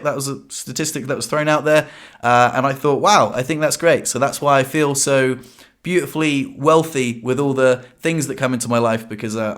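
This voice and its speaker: A man's voice: medium pitch, a bit bright. A young man vlogging to camera in a casual, upbeat way, talking in loose runs full of fillers and restarts.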